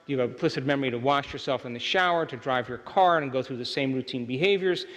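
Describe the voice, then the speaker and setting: A man's voice: mid-range voice, quick pace, fairly bright tone. A middle-aged man lecturing a live audience, emphatic and often asking them to agree. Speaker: workshop speaker. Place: large hall with audience. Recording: hall reverb, live venue.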